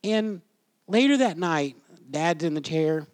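A man's voice: fairly high pitch, animated, slow, clean tone, dry recording. A man teaching a Bible class in a chatty, storytelling way, putting questions to his listeners. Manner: conversational, quizzes the class, storytelling.

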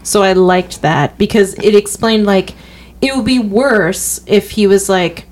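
A woman's voice: mid-range voice, unhurried. A young woman co-hosting a movie podcast, chatting casually and acting out lines from films. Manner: animated, retells scenes with quotes. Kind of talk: casual chat.

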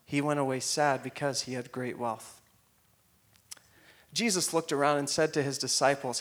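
A man's voice: medium pitch, moderate pace. A male pastor preaching a sermon, reading scripture and acting out the quotes, asking the congregation to repeat lines. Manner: expressive, acts out quotes, asks congregation to repeat.

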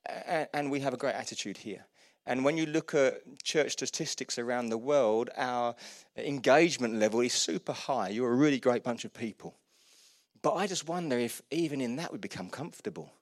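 A man's voice: medium pitch, moderate pace, no room sound, clean studio sound. A middle-aged man, a pastor preaching a sermon and acting out short everyday dialogues. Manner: animated preaching, acts out little dialogues.

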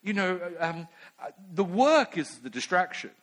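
Male preacher, conversational sermon, animated, a little high-pitched. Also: a little slow. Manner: conversational, animated, many asides.

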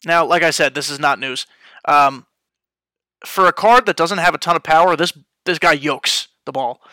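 Bright, crisp-voiced man hosting a podcast. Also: fairly high pitch, normal speed, no echo. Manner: chatty, off the cuff, frequent fillers. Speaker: podcast host. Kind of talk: casual podcast chat. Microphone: headphones and studio mic.

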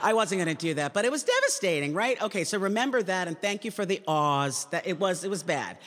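Comedian in her sixties, lively storyteller acting out her anecdotes, speaking in a long-echo hall. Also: on the low side, fast talker, a little hiss or hum. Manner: animated and chatty, acts out her anecdotes. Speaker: comedian giving a public talk. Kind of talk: humorous storytelling talk. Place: lecture hall at a public forum. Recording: reverberant hall sound.

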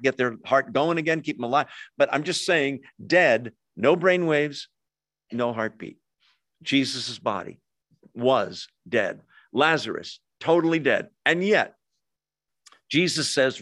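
A man preaching a sermon as a pastor, swinging between emphatic lines and hushed ones. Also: mid-range voice, dry recording.

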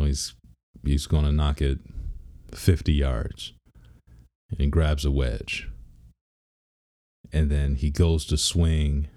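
A father in his thirties with a very deep, mellow voice and an unhurried pace. He tells stories in a rambling, easygoing way, restarting sentences often. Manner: rambling and laid-back, with frequent restarts and laughter. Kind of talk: casual personal vlog.

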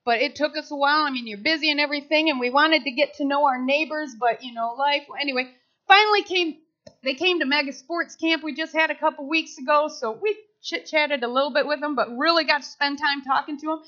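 A middle-aged woman giving a sermon, telling personal stories in an animated way and acting out the voices of people she quotes. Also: high voice, brisk. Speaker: speaker at church service. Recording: slightly dull lo-fi sound.

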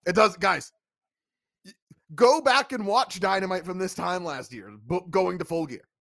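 A man's voice: sits high, moderate pace, gravelly, a bit bright. A man hosting a podcast in casual chat, with a wry, downbeat sense of humor. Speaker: podcast host.

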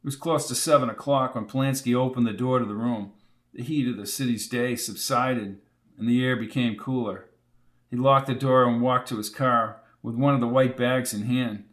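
A man reads a novel aloud in a steady, even voice of middling pitch. His delivery is calm and measured, the pacing of a practised audiobook reader. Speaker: narrator. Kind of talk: audiobook narration.

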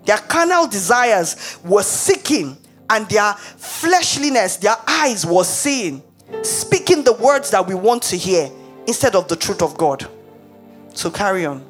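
A woman preacher giving a sermon, retelling scripture in an animated, emphatic way. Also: medium pitch, unhurried, soft background music.

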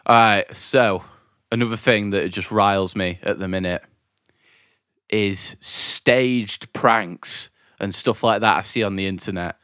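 A man's voice: fairly low pitch, fairly even intonation, a little slow, bright, forceful tone, no room sound, clean studio sound. A man from Britain ranting in casual chat, swearing a lot and laughing often.

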